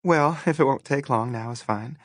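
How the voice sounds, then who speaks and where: A woman's voice: very deep voice, moderate pace, no echo, studio quality, pitched above the performer's own voice. Man voicing a coy young Texan woman. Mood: nervous. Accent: Southern US.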